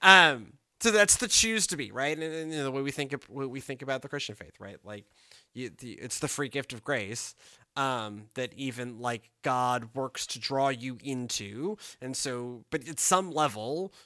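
A man's voice: medium pitch, moderate pace, dry recording, clean studio sound. A man, a pastor, talking casually about scripture in a podcast, rambling and checking in with "right?". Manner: rambling, animated, lots of "right?".

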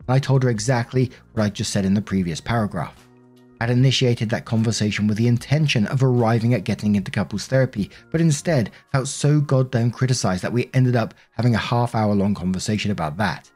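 Husky man narrating a story. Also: medium pitch, a little fast, faint music behind. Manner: steady first-person reading. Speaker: narrator of online stories. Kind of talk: reading a story aloud.

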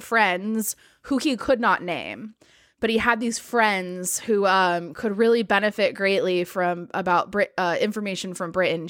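A woman's voice: mid-range voice, a bit bright, no room sound, clean studio sound. A woman co-hosting a podcast, casually retelling a history story with lots of filler words. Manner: chatty, many "like" fillers, laughs easily.

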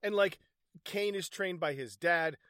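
A man recaps a film in loose, profane banter, slipping into bits of the characters as he goes. His voice sits a little high for a man. The sound is close and dry. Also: measured pace, no echo. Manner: animated, profane, acts out scenes with laughter. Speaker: podcast co-host reviewing a movie. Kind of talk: casual chat.

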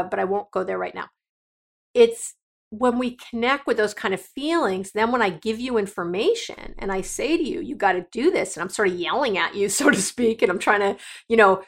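A woman's voice: medium pitch, fairly quick, creaky. Woman, middle-aged, podcast host, solo monologue, earnest, coaching, emotional. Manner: emotional, direct and coaching, talks straight to listeners.

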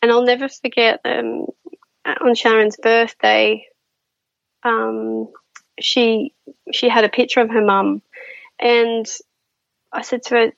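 Woman, fairly high voice, chatty, lots of ums and restarts, dry lo-fi sound. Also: flat delivery, slow pace, gravelly, long pauses, no echo. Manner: chatty, many fillers and restarts, laughs often. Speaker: guest. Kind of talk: casual interview storytelling.

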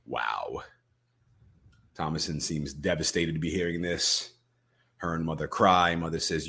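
Very deep-voiced man recapping a film. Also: measured pace. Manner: animated storyteller, acts out quoted lines. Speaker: podcast co-host. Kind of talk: casual podcast recap, retelling film scenes.

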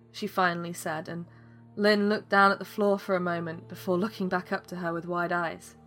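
A woman's voice: fairly low pitch, flat delivery, moderate pace, hardly any pauses, fairly bright tone, soft background music. A woman reading a fantasy story aloud, voicing every character in her own voice. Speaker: narrator.

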